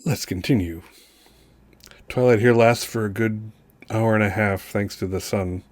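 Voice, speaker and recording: A man with a low voice runs a tabletop game, narrating in loose, halting runs full of restarts. He sits close to a dry, dead-sounding mic. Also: steady tone, no room sound. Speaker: game master.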